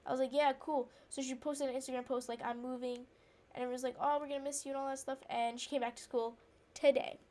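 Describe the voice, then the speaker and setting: A woman with a high-pitched, darkish voice talks fast in a flat delivery. She rambles through an indignant personal story while playing a game, full of fillers and restarts, and breaks off now and then to react to the game. It's casual storytelling chat.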